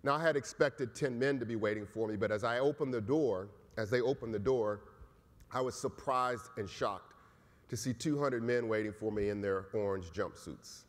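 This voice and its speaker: A man's voice: mid-range voice, moderate pace. A man who is a college professor, giving a storytelling keynote speech in a conversational way and often tagging lines with "right?". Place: large conference hall. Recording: echoey hall.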